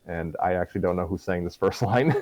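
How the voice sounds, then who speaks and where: A man hosting a show and narrating a fan story in a relaxed, chatty way. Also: sits low, fast, no room sound, low-quality recording. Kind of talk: casual fan fiction narration.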